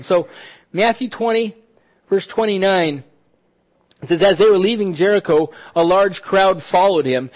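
High-voiced man preaching with animation. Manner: animated preaching, repeats words, drops to soft intensity. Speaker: pastor. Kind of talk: sermon.

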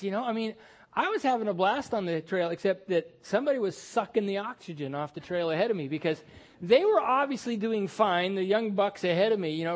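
A middle-aged man preaching a sermon as pastor, conversational and self-deprecating, with sudden lifts of the voice for emphasis. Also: sits high.

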